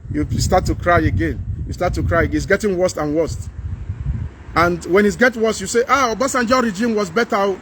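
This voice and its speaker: Nigerian man with a high voice, preachy political vlogger, hammers points with rhetorical questions, vehicle noise behind. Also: moderate pace. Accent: Nigerian English with Pidgin. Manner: preachy, repeats phrases, asks rhetorical questions. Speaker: political commentator. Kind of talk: impassioned political vlog rant.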